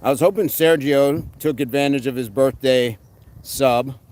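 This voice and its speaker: A man hosting a casual live stream, reading comments aloud and giving quick fitness tips in a relaxed way. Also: mid-range voice, poor audio. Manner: relaxed, answers chat questions with quick tips.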